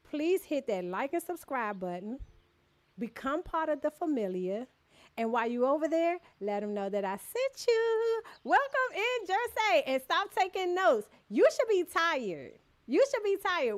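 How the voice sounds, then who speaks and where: A woman with a fairly high, somewhat dark voice plays a cozy decorating game live. She chats easily with viewers, welcoming and thanking them by name, teasing playfully and laughing a lot.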